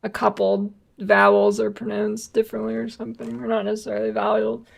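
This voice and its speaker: An American woman chats loosely while she streams a game, with heavy vocal fry running all through her speech. She rambles, blunt and quick to swear, at an ordinary mid-height pitch. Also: completely flat delivery. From United States. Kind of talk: casual gaming stream chat.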